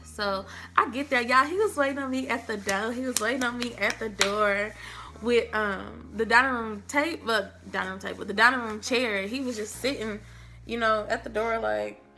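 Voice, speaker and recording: Animated young woman telling a storytime. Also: fairly high pitch, normal speed, gravelly. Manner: animated, dramatic, acts out quotes. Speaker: vlogger. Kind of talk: storytime vlog. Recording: faint background music.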